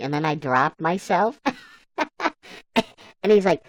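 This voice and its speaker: A man's voice: high-pitched, a little slow, pauses often, no room sound, low-quality recording. A man on a live stream, chatting casually, laughing often and reading viewers' comments aloud. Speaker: livestreamer.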